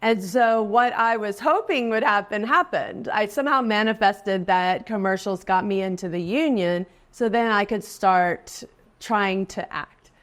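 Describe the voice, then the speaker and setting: A woman's voice: medium pitch, unhurried, a bit bright. A woman in her forties, a guest actress in a casual interview, who talks in a chatty way, laughs often and lifts her voice when quoting people. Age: 40s.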